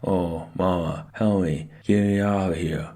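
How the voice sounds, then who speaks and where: A man voicing a panicked, whiny teenage boy who cries out for help in shrill pleading bursts. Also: steady tone, a little slow, dark tone. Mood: wailing.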